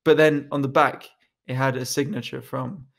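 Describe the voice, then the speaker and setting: A man's voice: mid-range voice, little pitch movement, moderate pace, vocal fry. A young man co-hosting a podcast, chatting casually, joking and swearing as he acts out little scenes. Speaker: podcast co-host. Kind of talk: casual chat.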